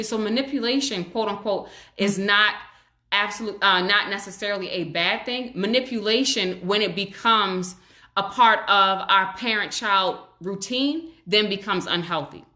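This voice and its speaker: A woman's voice: mid-range voice, measured pace, reverberant. A woman who is a child psychologist, hosting a live stream on parenting and talking viewers through their comments in a reassuring way. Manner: warm, reassuring, acts out parent and child voices. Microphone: webcam or phone on a live stream.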